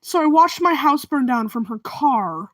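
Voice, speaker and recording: High-voiced young woman rambling through a storytime. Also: animated, a little slow, no echo, low-quality recording. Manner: rambling, with laughing asides and hushed whispered remarks. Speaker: vlogger. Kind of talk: storytime vlog.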